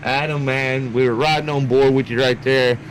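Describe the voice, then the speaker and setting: A man doing live play-by-play commentary for a sim racing league, rambling and excitable, talking to his producer on air. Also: medium pitch, normal speed, a little hiss or hum.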